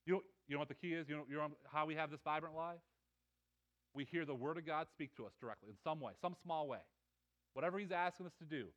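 Male preacher, high voice, animated, repeats words, loud swells and hushed drops. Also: fast talker. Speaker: pastor. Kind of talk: sermon.

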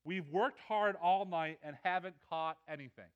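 Preacher doing a worn-out grown fisherman, high, exasperated, pleading. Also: expressive, normal speed, a bit bright, dull audio. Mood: frustrated. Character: weary frustrated fisherman, grown man.

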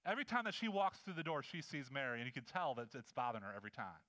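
A man preaching a sermon in a conversational, animated way, acting out the scenes he describes. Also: medium pitch, racing. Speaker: pastor.

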